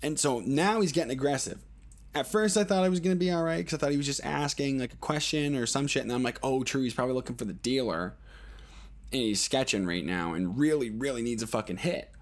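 A man's voice: mid-range voice, fast talker. A man hosting a podcast, telling a rambling, profane story in a casual monologue, full of fillers and acted-out quotes. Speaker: podcast host.

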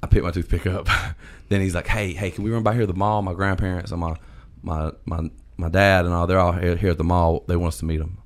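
A man telling a long story in casual chat, animated, swearing and quoting his friends. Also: low-pitched, fast talker.

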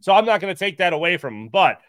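A man's voice: sits high, big pitch swings, quick pace, a bit bright, no echo. A man co-hosting a sports talk show, making his points conversationally with "like" and "uh" fillers.

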